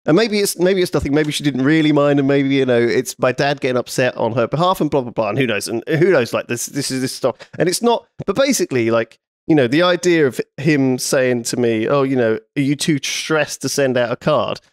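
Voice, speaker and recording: A man's voice: medium pitch, expressive, brisk, few pauses, no room sound, clean studio sound. A man hosting a podcast in casual chat, rambling hesitantly with many fillers. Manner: hesitant, rambling, full of "like" and "you know". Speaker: podcast host.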